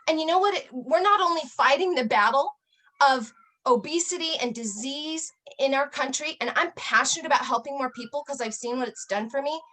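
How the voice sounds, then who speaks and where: A woman's voice: sits high, brisk, sharp tone. A middle-aged woman, a health coach, giving a motivational talk and telling a story earnestly, with emphatic repetition.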